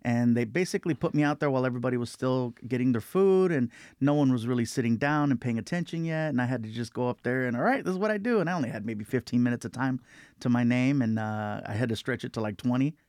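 Relaxed man, self-deprecating comedian guest. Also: medium pitch, quick pace, clean tone, dry recording, studio quality. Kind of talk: casual interview chat.

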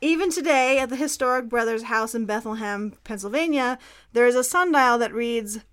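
A woman's voice: on the high side, normal speed, fairly bright tone, clear, resonant tone. A woman co-hosting a history podcast, reading scripted narration with dry, amused asides. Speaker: podcast co-host.

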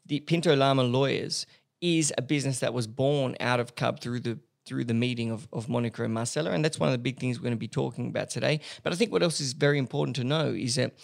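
A man's voice: medium pitch, fast, vocal fry. An upbeat man hosting a podcast in a chatty, casual way, laughing often. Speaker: podcast host. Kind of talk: casual chat.

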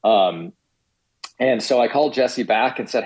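A middle-aged man, a company founder guesting on a podcast, telling his story hesitantly with many pauses. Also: medium pitch, darkish tone, low-quality recording. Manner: hesitant, many fillers and restarts. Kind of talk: casual podcast interview.

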